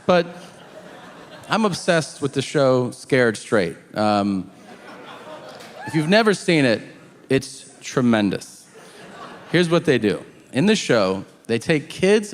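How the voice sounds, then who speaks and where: A man telling a stand-up story on a club stage into a handheld mic, animated and laughing at his own jokes. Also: medium pitch, big-room sound, a little hiss or hum. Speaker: stand-up comedian. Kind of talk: stand-up comedy.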